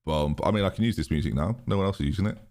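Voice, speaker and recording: A man streaming a football management game live, chatting excitedly to his viewers and laughing often. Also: sits low, racing. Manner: excitable, chatty, talks to chat. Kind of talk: live gaming commentary.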